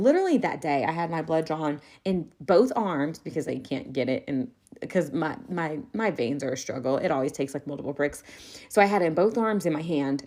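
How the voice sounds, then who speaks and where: A young adult woman hosting a podcast, telling a story in a chatty, animated way and calling her listeners "y'all.". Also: low-pitched. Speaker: podcast host. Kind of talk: casual storytelling monologue.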